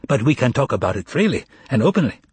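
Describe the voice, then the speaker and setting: A man playing a measured, lecturing editor. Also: medium pitch, big pitch swings, a little mellow, breathy edge, dry recording. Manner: measured, explanatory, diplomatic. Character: composed, lecturing male magazine editor.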